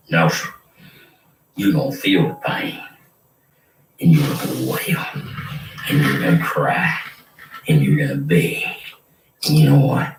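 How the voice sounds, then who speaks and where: Older man, rambling doom-preacher monologue, low and unhurried, roomy distant recording with faint hiss. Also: big pitch swings, creaky. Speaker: self-proclaimed prophet.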